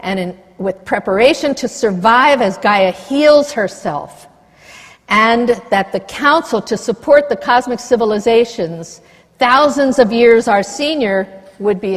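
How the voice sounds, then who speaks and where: A woman's voice: on the high side, lively intonation, measured pace. Passionate woman speaking in a reverberant hall. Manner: passionate, indignant, reads from papers. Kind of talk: public talk.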